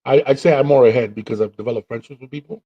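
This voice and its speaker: Male podcast host, casual slangy storyteller, mid pitch, slightly dull lo-fi sound. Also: very fast. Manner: animated, slangy, acts out quotes.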